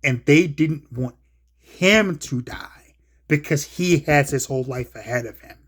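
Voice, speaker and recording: A man hosting his own show, ranting about movies casually, swearing a lot and swinging from low mutters to loud excited outbursts. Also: measured pace. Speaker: solo show host.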